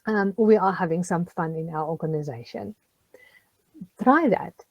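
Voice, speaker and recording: A woman's voice: lowish voice, unhurried, no echo, dull audio. A woman, a social worker giving a chatty, encouraging tutorial to a group, with many ums and questions to her listeners. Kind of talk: casual recorded tutorial.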